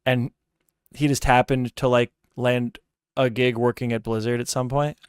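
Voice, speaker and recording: A young man riffing in a blunt, profane, rambling way as he reacts on stream. His voice sounds smooth and resonant. The sound is dry and close, with no room around it. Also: mid-range voice, flat delivery, normal speed, no room sound. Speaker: streamer reacting to a podcast clip. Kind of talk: casual reaction commentary.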